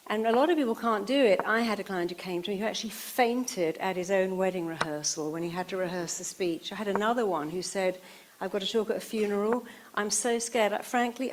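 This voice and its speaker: A woman's voice: medium pitch, background noise. A woman giving a motivational talk on stage, telling anecdotes and acting out the voices of the people in them. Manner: animated storyteller, puts on quoted voices. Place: stage before a live audience.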